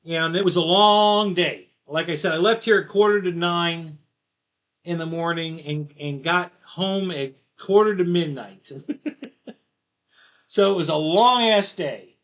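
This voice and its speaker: A man's voice: on the high side, a little slow, fairly bright tone. A middle-aged man hosting a live stream, rambling through a casual story and laughing at his own jokes. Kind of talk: casual chat.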